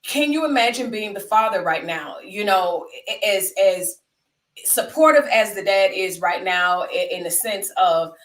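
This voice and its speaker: A woman's voice: medium pitch, animated, a little slow, a bit bright, distant mic. A woman from the United States hosting a live stream, commenting on the news and talking to her chat in an emphatic, conversational way that repeats points for stress. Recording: roomy sound, away from the mic.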